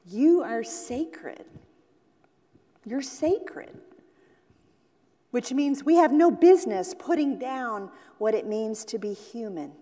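A woman pastor preaching a sermon, slow and deliberate, sometimes acting out the voices she quotes. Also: fairly high pitch, mellow, in a large hall. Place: church sanctuary.

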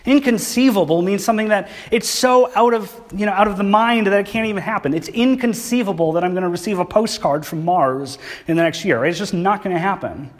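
A man's voice: sits high, brisk, hardly any pauses. Conversational man preaching. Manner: conversational, asks the congregation questions. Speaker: pastor. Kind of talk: sermon. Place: church hall.

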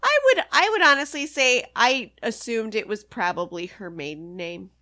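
A woman's voice: on the high side, lively intonation, moderate pace, bright, forceful tone. A woman co-hosting a podcast, recounting scenes in a chatty, gushing way. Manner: gushing, chatty storytelling with acted quotes. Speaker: podcast co-host. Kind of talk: casual comedic recap chat.

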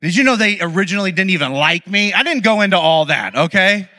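A man's voice: sits high, animated, quick pace, bright, forceful tone. Rambling storyteller man in a reverberant hall. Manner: conversational, loose and rambling with many fillers. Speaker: speaker addressing an audience. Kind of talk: storytelling talk. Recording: long reverb of a large hall.

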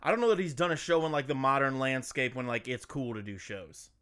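A man's voice: medium pitch, brisk, fairly bright tone, clear, resonant tone. A man co-hosting a podcast, chatting casually with profane, joking banter. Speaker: podcast co-host. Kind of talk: casual chat.

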